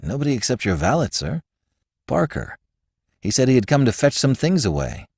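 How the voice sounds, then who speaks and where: A man doing a nervous, polite hotel waiter who rushes out his answers and tacks "sir" onto each one. The voice is close and dry, and it comes from an audiobook. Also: medium pitch, big pitch swings, darkish tone, slightly rough, no echo. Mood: deferential. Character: deferential male hotel floor waiter.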